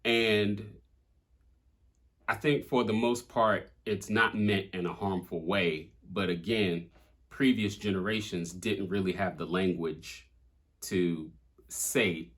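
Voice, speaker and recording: A man's voice: sits low, steady tone, takes it slowly, a bit bright. A young adult man, a rapper, talking candidly and casually about his own song, with plenty of swearing and fillers. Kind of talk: casual reflective talk.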